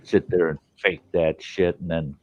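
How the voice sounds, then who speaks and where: A man's voice: sits low, fairly even intonation, a little slow, dry recording. A man hosting a podcast, telling stories bluntly with plenty of profanity in casual chat. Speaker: podcast host. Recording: dull, dry lo-fi audio.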